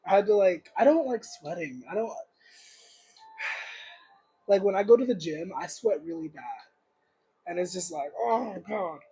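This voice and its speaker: A man's voice: high voice, animated, moderate pace, long pauses, warm tone, breathy edge, low-quality recording. A young man giving a casual livestream tarot reading, rambling and searching for words with lots of fillers. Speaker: tarot reader.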